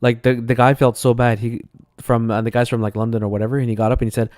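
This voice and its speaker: A man's voice: mid-range voice, flat delivery, fast talker, a little mellow, dry recording. A man from Canada co-hosting an online talk show. He talks loosely and laughs a lot. His voice is close to the mic and dry. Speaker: co-host. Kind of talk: casual chat.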